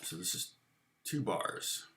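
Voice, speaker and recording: A man teaching guitar in a loose, chatty live online lesson, counting and humming rhythms aloud as he goes. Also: slow pace. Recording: roomy sound with loud guitar and backing music.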